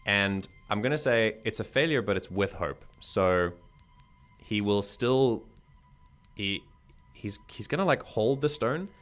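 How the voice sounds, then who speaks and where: Brief: low-pitched male game master, loose and chatty, faint music underneath. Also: lively intonation, unhurried, fairly bright tone. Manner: rambling, frequent restarts, chuckling. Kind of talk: narrating a tabletop game.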